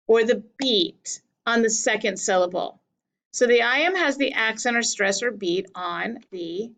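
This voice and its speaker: Woman teacher, slightly high voice with a gravelly edge, unhurried lesson delivery. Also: a bit bright, poor audio. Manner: slow, deliberate, stretches key words. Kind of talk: classroom lesson at a whiteboard.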